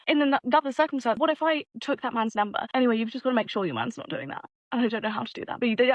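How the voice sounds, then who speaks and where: A woman from London with a London accent, telling a story in a chatty, animated vlog style. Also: a little high, no echo, low-quality recording. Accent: London English. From England. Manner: animated, chatty, swears casually. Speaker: vlogger.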